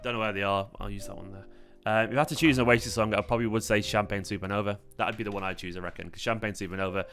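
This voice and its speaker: A laid-back young man chats on a livestream, rambling along with plenty of fillers. His voice sounds tired, yet it keeps a bright, forward edge, and soft guitar music plays faintly behind him. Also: lowish voice, steady tone, racing, hardly any pauses. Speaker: fan channel host. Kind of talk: casual livestream chat.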